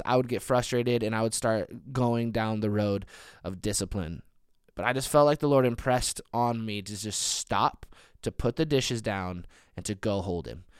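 Male pastor, 30s, sermon delivery; smooth resonant voice, emphatic rises and soft drops. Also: mid-range voice, dry recording, studio quality. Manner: earnest, builds to emphatic peaks then drops soft.

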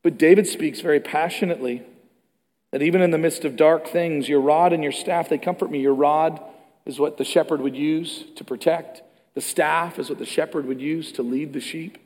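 A man preaching a sermon with animated delivery, moving between loud emphatic passages and hushed ones. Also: fairly high pitch, moderate pace. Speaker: pastor. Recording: long reverb of a large hall.

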